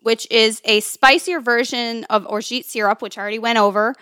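Bright, giggly woman co-host. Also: a little high, steady tone, a little fast, clear, resonant tone, no echo, clean studio sound. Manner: giggly, chatty, explains recipes. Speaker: podcast co-host. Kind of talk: casual chat.

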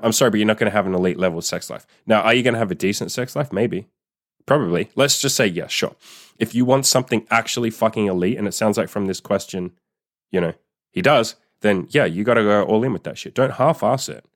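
A man's voice: fairly low pitch, brisk, no room sound, clean studio sound. A man coaching listeners in a solo podcast monologue, blunt, emphatic and profane, acting out quoted dialogue in a mocking voice. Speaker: dating coach.

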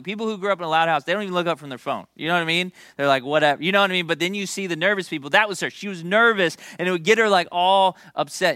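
A young man preaching a sermon in a conversational, animated way, with storytelling and asides to the congregation. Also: high-pitched, dry recording, studio quality. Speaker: pastor.

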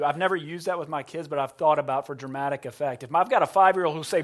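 A middle-aged man who is a pastor preaching a sermon, dramatic, swinging between loud emphasis and hushed, slow passages. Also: fairly high pitch.

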